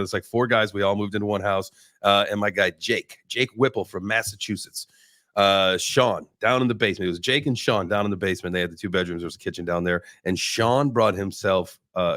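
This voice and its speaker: A man hosting a casual group chat, telling rambling stories with quick asides. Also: on the low side, fairly bright tone, no echo, studio quality. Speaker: host.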